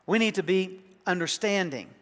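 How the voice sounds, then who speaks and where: A man from South Arkansas with a Southern accent, preaching a sermon in a folksy, emphatic way that grows louder on key points. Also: sits high, lively intonation, moderate pace, long reverb tail. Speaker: pastor. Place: church sanctuary.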